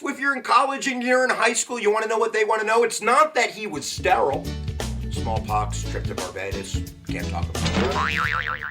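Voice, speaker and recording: A man teaching a casual history lesson, joking and slangy with quick asides. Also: high-pitched. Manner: jokey, slangy and animated, with sudden asides.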